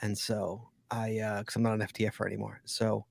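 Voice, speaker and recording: A man's voice: on the low side, little pitch movement, brisk, creaky, no echo, clean studio sound. A man hosting a casual podcast, teasing his co-hosts and rambling with fillers. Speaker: podcast host.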